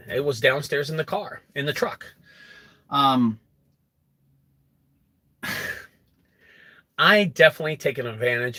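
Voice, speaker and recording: A young adult man who runs a junk removal business, telling a story to camera in an animated way and acting out quotes. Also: dry recording. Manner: animated, acts out quotes with rising pitch.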